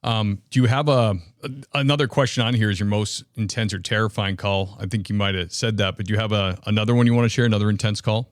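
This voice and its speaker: A man's voice: on the low side, fast talker, few pauses, no echo, clean studio sound. A man hosting a podcast, asking easygoing questions full of fillers. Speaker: podcast host. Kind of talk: casual interview chat.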